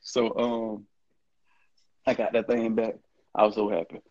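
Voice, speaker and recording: Speaking a little slowly in a low-leaning, darkish voice with flat delivery, a middle-aged man who once played college football swaps casual stories as an interview guest. He acts out quoted lines and laughs frequently. The audio is lo-fi, with no room sound.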